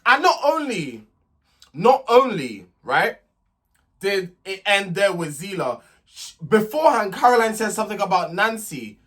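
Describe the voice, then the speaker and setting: A young man with a high, light voice rants through a casual reality TV recap. He is sassy and indignant, often stumbling over and repeating his words as he goes. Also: very animated, measured pace, fairly bright tone. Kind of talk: casual vlog commentary.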